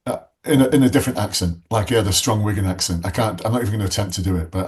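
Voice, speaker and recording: Man, middle-aged, low voice, ex-police coach, casual storytelling, rambling, tangents. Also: very fast, few pauses, darkish tone. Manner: rambling, chatty, with tangents and restarts. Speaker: police recruitment coach, former police sergeant. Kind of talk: casual anecdotal teaching talk.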